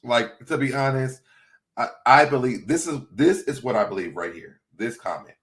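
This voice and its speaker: A man's voice: mid-range voice, expressive, normal speed, fairly bright tone. A man hosting a casual livestream, chatty and laughing often as he reads viewer comments aloud. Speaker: livestream host.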